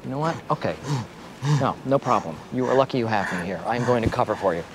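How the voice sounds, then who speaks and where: A man's voice: mid-range voice, lively intonation, quick pace, background noise, close to an everyday voice. An actor playing a fussy, self-important male office manager who covers for an employee in a sitcom scene. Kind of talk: sitcom acting.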